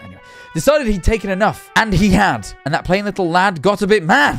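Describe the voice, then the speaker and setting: A man's voice: sits high, a little fast, creaky, faint music behind. A young man who streams, reading a children's story aloud and breaking off into jokey, sweary commentary. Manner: jokey, lively, swears freely.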